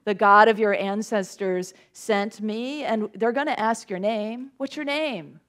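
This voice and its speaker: A woman's voice: medium pitch, lively intonation, slow pace, darkish tone. A woman voicing a reluctant, anxious man who stammers and doubts himself while pleading to be let off. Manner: hesitant, stammering, self-doubting.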